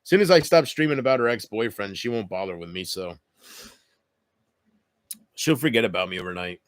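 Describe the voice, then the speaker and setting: A man's voice: lowish voice, lively intonation, brisk, dry recording, clean studio sound. A man chatting casually on his livestream, rambling and joking, with frequent swearing.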